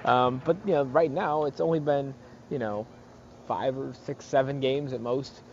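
A man's voice: mid-range voice, steady tone, moderate pace, a little mellow, a little hiss or hum. A man, a sports reporter calling in by phone from an arena, talking casually and rambling with many fillers. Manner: rambling, lots of fillers and restarts. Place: arena in another city. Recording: dull phone-in line.

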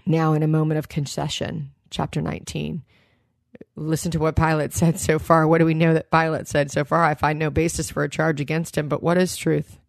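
A woman with a fairly low voice preaches a sermon, recorded close and dry with no room sound. She reads scripture aloud and retells it in an easy, conversational way. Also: flat delivery, brisk, creaky, no room sound.

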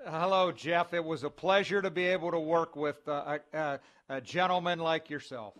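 Halting male radio co-host. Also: fairly high pitch, fairly even intonation, a bit bright. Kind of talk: casual chat.

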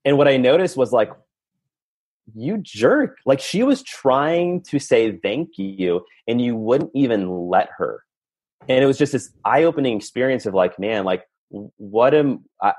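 A man's voice: medium pitch, darkish tone, slightly rough, no room sound. A man guest on a podcast, telling personal stories in an earnest, reflective way, talking in long run-on stretches. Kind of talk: candid storytelling conversation.

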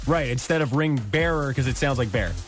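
A man's voice: medium pitch, fairly quick, over music. A young man co-hosting a morning radio show, playful and joking in casual banter from the studio. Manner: playful, jokey, laughs easily. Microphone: studio microphone.

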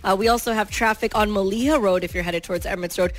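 A radio co-host reading a brisk, matter-of-fact traffic report. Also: medium pitch.

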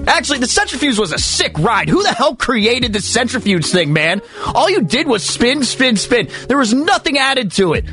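A man's voice: very high-pitched, moderate pace, faint music behind. A man hosting a sports radio show, talking in a comic, mock-dramatic way. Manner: animated, mock-dramatic, comic slam-poetry delivery.

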